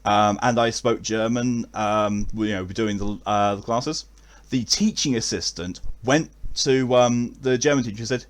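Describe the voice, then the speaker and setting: A man's voice: fairly low pitch, steady tone, a little slow. A man with an English accent chatting casually to his viewers at the end of a stream, rambling with many fillers and restarts. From England.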